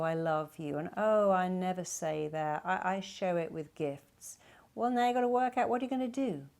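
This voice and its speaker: A middle-aged woman therapist talking to camera about relationships, animated and acting out what partners say to each other. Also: fairly low pitch. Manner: animated, acts out quoted partners in character.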